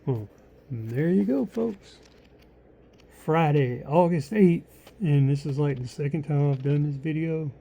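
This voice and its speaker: Gravelly, chatty man rambling to camera. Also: on the high side, unhurried, mellow. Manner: rambling, chatty, with many likes and restarts. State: tired. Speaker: author showing his new book. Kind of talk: casual chat to camera.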